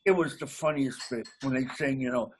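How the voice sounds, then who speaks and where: A man's voice: medium pitch, brisk, slightly rough. A man from Massachusetts, a comedian guest chatting loosely in an interview and laughing at his own gags. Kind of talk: casual interview chat.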